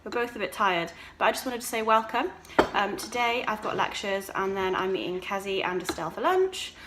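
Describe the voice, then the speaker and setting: A woman in her twenties chatting casually in a vlog about her week as a student, bubbly and quick to laugh. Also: mid-range voice, lively intonation, noisy background. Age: 20s. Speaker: student vlogger.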